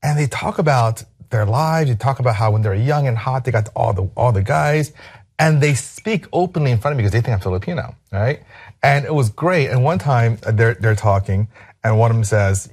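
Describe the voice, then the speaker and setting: Man, husky voice, podcast host, animated storyteller, laughs at his own punchlines. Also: medium pitch, a little fast. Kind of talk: casual storytelling chat.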